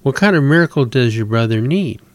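A gentle, well-dressed male surgeon with a reassuring manner, read out by a man. It is a storybook reading in a plain voice at a middle pitch, with no heavy character work. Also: animated, a little fast, dry recording, close to an everyday voice. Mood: kind.

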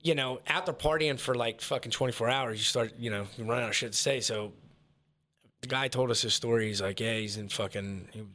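A man's voice: mid-range voice, brisk. A man casually telling a story, cursing often and acting out each person's lines. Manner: profane, animated, acts out quotes.

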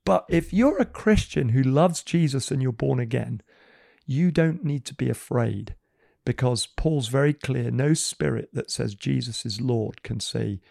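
A man telling a Christian testimony in conversation, animated and acting out the voices in his story. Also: mid-range voice, unhurried, creaky, no room sound, clean studio sound.

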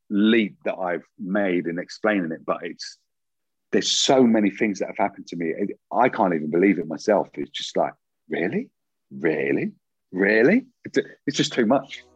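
A man telling a personal story as an interview guest, animated and quick, with many restarts and fillers. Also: deep voice, breathy edge, dry recording, dull audio.

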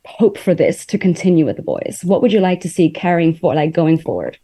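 A woman's voice: on the low side, sing-song, fairly quick, warm tone. A woman interviewing a guest in an enthusiastic, encouraging way. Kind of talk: casual interview chat.

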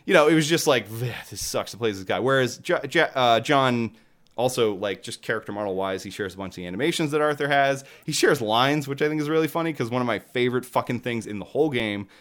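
A man's voice: medium pitch, lively intonation, fast, a bit bright. A young man casually chatting about a video game. He swears freely and laughs often. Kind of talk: casual chat.

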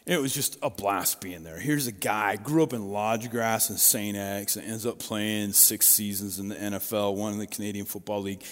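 A middle-aged male pastor preaching a sermon in a conversational, storytelling way with personal asides. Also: on the low side. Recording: long reverb of a large hall.

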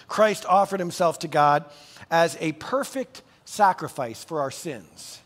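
A man preaching a sermon as pastor, animated and conversational, with casual asides to the congregation. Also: a little high, unhurried, in a large hall.

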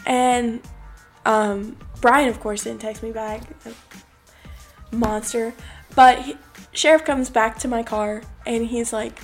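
A woman's voice: on the high side, steady tone, slow pace, soft background music. A young woman hosting a podcast, casually telling a personal story with a chatty, rambling manner full of fillers. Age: young adult. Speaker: podcast host.

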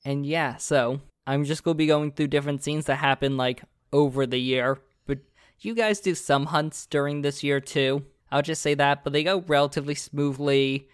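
A man's voice: fairly high pitch, fairly even intonation, normal speed, clear, resonant tone, no room sound, studio quality. A young man as game master, narrating a tabletop game in a loose, casual way, with fillers and restarts.

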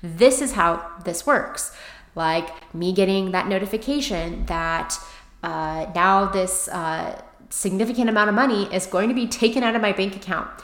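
Woman host, chatty and expressive, casual self-help talk, mid-pitch, echoey room. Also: normal speed. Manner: chatty, fills speech with "like"; expressive storyteller. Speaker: podcast host.

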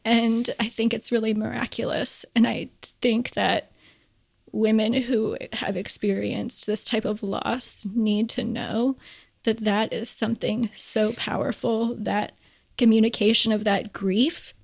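A woman co-hosting a podcast, speaking earnestly and tearfully, pausing often as she shares a heartfelt story. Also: a little high, little pitch movement, gravelly. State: crying. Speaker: podcast co-host.

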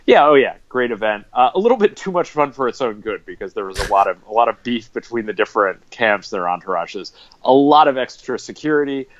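A man's voice: mid-range voice, very animated, a little fast, few pauses, highs cut off. A man as a podcast guest, casually telling a rambling story.

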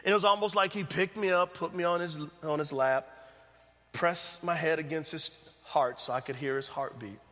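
A male pastor preaching a sermon, talking straight to the congregation and swinging between loud emphatic passages and hushed, tender ones. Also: fairly high pitch, moderate pace, in a large hall. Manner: addresses the congregation directly.

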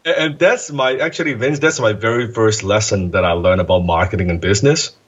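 A man, a guest in an interview, tells a story from his past in a casual, animated way, acting out the voices he quotes and swearing now and then. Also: fairly low pitch, fairly quick, slightly rough, dull audio. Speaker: guest entrepreneur.

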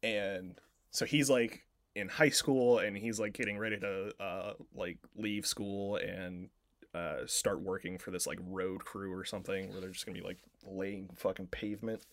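A man's voice: low voice, fairly even intonation, normal speed, dry recording. A man co-hosting a podcast, casually retelling a film plot in a rambling way, full of filler words and swearing. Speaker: podcast co-host.

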